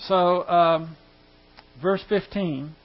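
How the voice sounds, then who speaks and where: Male preacher, high voice, folksy joking Bible teaching; muffled lo-fi recording with hum. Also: fairly even intonation, drawn-out words. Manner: chatty, joking asides, reads scripture aloud. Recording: dull lo-fi recording with mains hum.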